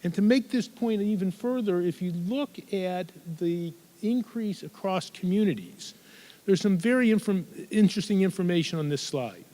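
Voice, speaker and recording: A man's voice: high-pitched, expressive, moderate pace, mellow. A middle-aged man, a physician, giving a keynote talk at a conference, earnest and building his points with statistics.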